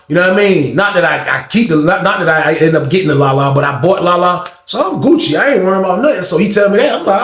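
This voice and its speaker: A man telling a story in a casual, slangy, animated way, acting out the quotes. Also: high voice, fast, few pauses. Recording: echoey room.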